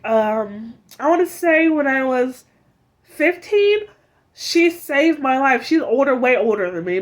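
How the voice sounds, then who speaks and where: A woman in her twenties sharing an emotional personal story, heartfelt and full of "like" and "um". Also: on the high side. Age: 20s. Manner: heartfelt, fills speech with "like" and "um".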